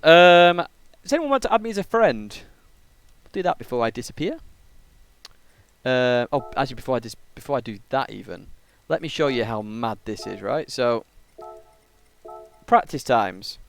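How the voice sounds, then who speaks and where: A man's voice: medium pitch, big pitch swings, normal speed, vocal fry, pauses often, clear, resonant tone, no room sound. A man from England, a casual and jokey game streamer, chatting on a live stream and rambling with many fillers.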